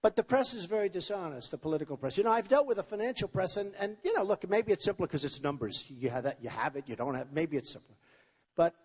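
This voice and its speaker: A man's voice: high voice, animated, fast talker, darkish tone, slightly rough, in a large hall. A man giving a campaign rally speech, rambling, repetitive and boastful. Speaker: presidential candidate. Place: large rally venue with crowd.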